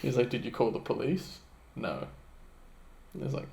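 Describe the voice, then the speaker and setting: A man's voice: mid-range voice, very animated, unhurried, creaky, dark tone, a little hiss or hum. A man co-hosting a podcast, talking casually about a film, swearing freely and acting out lines from it. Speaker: podcast co-host. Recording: roomy echo.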